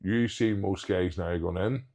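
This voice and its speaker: A man's voice: sits low, a little slow, a little mellow. A man, a professional strongman guest on a podcast, telling anecdotes in casual chat and acting out what others said. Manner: anecdotal, quotes others in retold dialogue.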